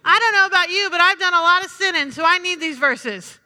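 A woman's voice: extremely high pitch, brisk, bright, forceful tone. A woman preaching a sermon in a chatty, humorous way, calling out to the congregation for responses. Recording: reverberant hall.

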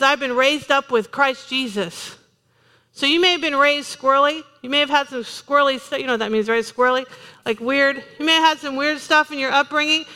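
Bright high-voiced woman preaching a sermon. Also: long reverb tail. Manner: lively, joking, emphatic preaching with asides. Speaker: pastor. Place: church sanctuary.

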